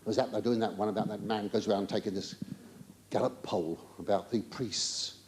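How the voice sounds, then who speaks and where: His voice is fairly low, with fairly even intonation and a slightly fast delivery. Doing live stand-up before a theatre audience, the comedian teases the crowd chattily, stammering over flustered asides and mock-indignant protests. Laughter and hiss fill the theatre recording.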